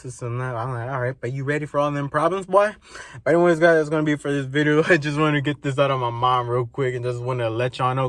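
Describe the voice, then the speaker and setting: Young male vlogger, animated slangy rant outdoors, mid-range voice, casual energy. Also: mid-range voice, no room sound, studio quality. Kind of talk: casual ranting vlog. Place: outdoors by his truck.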